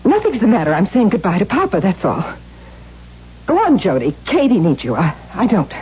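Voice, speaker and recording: An actress playing a bitter, resolute young woman with intense, quiet delivery in a 1970s radio drama. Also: medium pitch, big pitch swings, brisk, breathy edge. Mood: tense. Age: young adult. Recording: dull 1970s radio broadcast, faint hiss.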